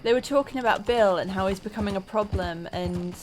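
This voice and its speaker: A woman's voice: medium pitch, fairly quick. A woman chatting casually as she plays through a video game, thinking aloud and rambling a little. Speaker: let's play gamer. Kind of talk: casual gameplay commentary. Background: game music and horse hooves.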